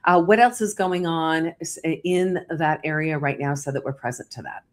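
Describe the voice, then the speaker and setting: A woman hosting a live online talk show over a video call, telling the story fast and emphatically, her pitch jumping up on key points. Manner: animated, emphatic storytelling with big pitch jumps. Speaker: host.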